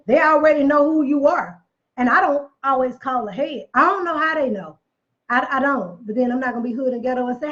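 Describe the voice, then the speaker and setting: A woman's voice: high-pitched, lo-fi sound. A woman giving a casual motivational talk, emphatic and preachy, repeating phrases for effect, with chatty folksy asides. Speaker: motivational speaker.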